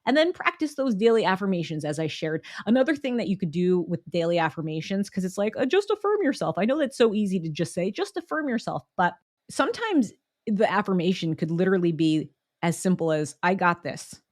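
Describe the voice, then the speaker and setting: A woman's voice: lowish voice, lively intonation, brisk, darkish tone, no echo. Upbeat chatty woman podcaster, dry sound. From United States. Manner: upbeat, chatty, encouraging, breaks into laughs. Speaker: podcast host. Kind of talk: solo motivational podcast talk.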